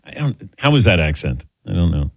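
A man's voice: low-pitched, big pitch swings, brisk, vocal fry, dry recording. A middle-aged man hosting a sports radio show, joking wryly and teasing himself. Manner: wry, self-deprecating joking. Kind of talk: casual sports talk radio.

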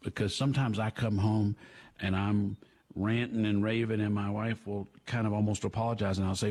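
A man hosting a call-in radio show, talking to callers in an emphatic, animated way. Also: fairly low pitch, normal speed, slightly rough, no echo. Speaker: radio host.

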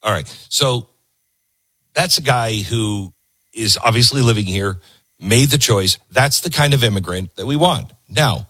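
A man's voice: lowish voice, animated, normal speed, fairly bright tone, husky, no room sound. A man hosting a show, commenting emphatically on video clips he plays. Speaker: host.

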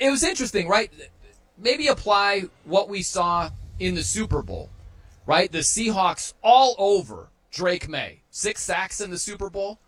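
A man hosting a sports talk radio show, energetic and chatty, with a husky voice. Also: high-pitched. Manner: energetic, mimics stadium chants.

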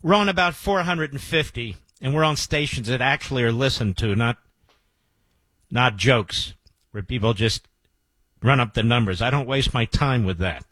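A man's voice: medium pitch, lively intonation, normal speed, a bit bright, dry recording. A man hosting talk radio, speaking emphatically and boastfully and repeating key phrases for effect. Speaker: radio talk show host.

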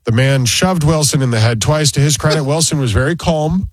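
A man's voice: fairly high pitch, brisk, dry recording, rough recording. A man co-hosting a radio show, reading sports headlines and chatting about them casually. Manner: reads headlines then riffs dryly. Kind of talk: casual talk radio banter, reading news items.

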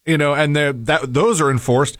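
A man's voice: fairly high pitch, steady tone, moderate pace, fairly bright tone, dry recording, clean studio sound. A man co-hosting a talk show, telling stories casually in a rambling way with many fillers. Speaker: co-host. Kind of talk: casual chat.

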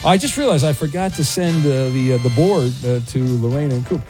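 A man's voice: medium pitch, expressive, brisk, music in the background. A man hosting a morning radio game segment, joking around and stumbling over his words as he runs the survey. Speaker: radio show host.

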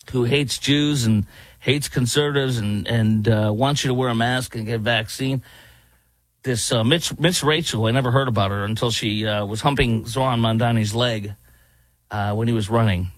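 A man's voice: mid-range voice, normal speed, dry recording. A man giving sarcastic political commentary on clips, mocking the people he shows. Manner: mocking, mimics others in exaggerated voices.

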